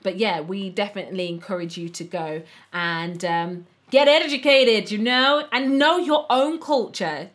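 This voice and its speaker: A woman's voice: medium pitch, unhurried, hardly any pauses. A woman co-hosting a podcast, talking in an earnest, reflective way. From English Midlands. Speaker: podcast co-host. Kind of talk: casual chat.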